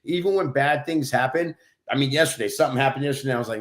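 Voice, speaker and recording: A man's voice: medium pitch, lively intonation, very fast, fairly bright tone. Upbeat motivational podcast host, man. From New Mexico, USA. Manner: upbeat, pep-talk delivery. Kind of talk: motivational casual talk.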